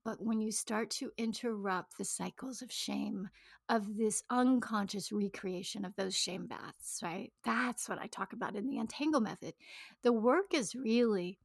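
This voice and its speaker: A woman's voice: mid-range voice, measured pace, vocal fry, breathy edge, no room sound, studio quality. A woman in her thirties telling her own story to an audience, intimate and emotional, often dropping into a whisper. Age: 30s. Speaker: speaker on money and shame. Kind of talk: personal talk to an audience.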